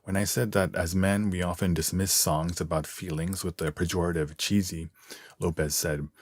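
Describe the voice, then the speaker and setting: A man, a translator, reading his own written column aloud in a measured, deliberate way. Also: low-pitched, steady tone, no room sound.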